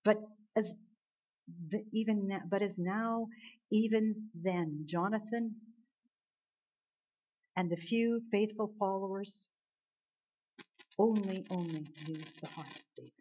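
Husky-voiced woman preaching earnestly. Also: mid-range voice, slow, long pauses, mellow. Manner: earnest, emphatic retelling with rhetorical questions. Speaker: Bible teacher. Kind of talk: sermon. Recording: dull lo-fi recording.

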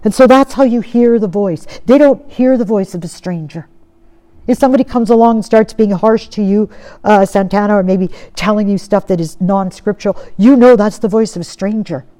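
A woman delivers a sermon with a warm, mellow tone. She talks earnestly and keeps posing questions to her listeners. Her voice often falls away to something soft and quiet. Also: medium pitch, normal speed. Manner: earnest, asks rhetorical questions, often drops to soft tones. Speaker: preacher.

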